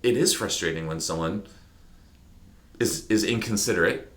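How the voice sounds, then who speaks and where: Interview guest, male, very deep voice, candid reflective storyteller, animated delivery. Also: moderate pace. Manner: candid, animated, mimics horn sounds.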